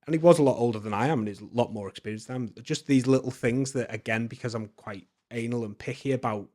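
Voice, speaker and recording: A man's voice: mid-range voice, fast, dark tone. A man, a podcast guest telling stories casually, with many fillers and restarts. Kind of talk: casual storytelling.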